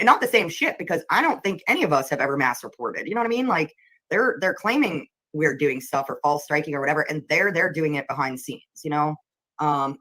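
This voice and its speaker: Low-pitched woman chatting on a livestream. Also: pushed and bright, low-quality recording. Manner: chatty, greets viewers by name. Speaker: livestream host. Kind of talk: casual livestream chat.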